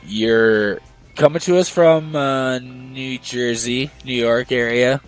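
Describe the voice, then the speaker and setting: A man's voice: mid-range voice, fairly even intonation, takes it slowly, soft background music, rough recording. A man co-hosting a podcast, joking and swearing in casual banter. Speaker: podcast co-host.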